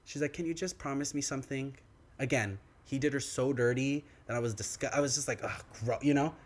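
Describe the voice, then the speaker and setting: A young man co-hosting a podcast, telling a story in casual chat and acting out the quoted lines of others. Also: a little fast. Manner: animated, acts out quoted dialogue with big pitch swings. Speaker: podcast co-host. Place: podcast studio.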